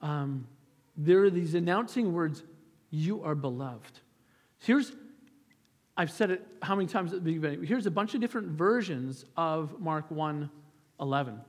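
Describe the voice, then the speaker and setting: A man preaches in an earnest, conversational way, pitched a little high. His voice rings out with a long reverb through a church sanctuary, and he often doubles back on his words. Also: normal speed. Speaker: pastor. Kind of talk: sermon.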